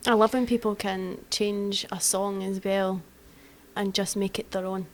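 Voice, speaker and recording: Gentle woman on a podcast, faint background hiss. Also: medium pitch, little pitch movement, a little slow. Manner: gentle, agreeable, chimes in with short reactions. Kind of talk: casual chat.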